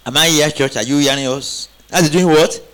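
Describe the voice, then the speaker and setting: A man's voice: on the high side, moderate pace, fairly bright tone. A man preaching a sermon, calling on the congregation to answer back and rising into emphatic exclamations. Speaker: pastor.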